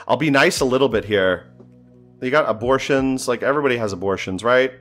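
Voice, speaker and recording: A man's voice: mid-range voice, fairly quick, a bit bright, faint music behind. A man thinking aloud as he plays a strategy game, often exasperated and swearing. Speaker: gameplay commentator. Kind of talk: casual gameplay commentary.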